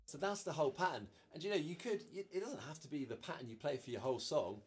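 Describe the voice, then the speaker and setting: A man's voice: a little high, animated, fast, a little mellow, husky. Man teaching drums, counting beats aloud. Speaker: drum teacher. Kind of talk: instructional drum lesson.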